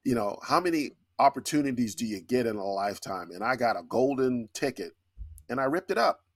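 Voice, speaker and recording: A man's voice: mid-range voice, animated, fairly quick, dry recording. A middle-aged man, a guest, telling his story in an earnest, reflective way with frequent restarts. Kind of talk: conversational storytelling.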